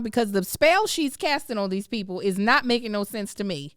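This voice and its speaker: A woman hosting a casual podcast chat, expressive, laughing often and drawing out words for emphasis. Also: medium pitch, brisk, clear, resonant tone, no room sound, studio quality. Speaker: podcast host.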